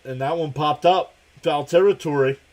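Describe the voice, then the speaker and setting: A man's voice: normal speed, a little mellow. A young man hosting a live stream, giving casual play-by-play of a baseball game, reading viewer comments and laughing often. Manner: laughs often while calling pitches and reading chat.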